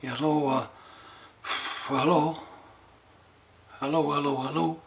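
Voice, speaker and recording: Gravelly man rambling about his tall tales. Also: fairly high pitch, unhurried. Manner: deadpan repeating of "boring", laughing at his own tall tales. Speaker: storyteller commenting on his own stories. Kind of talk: rambling comic monologue.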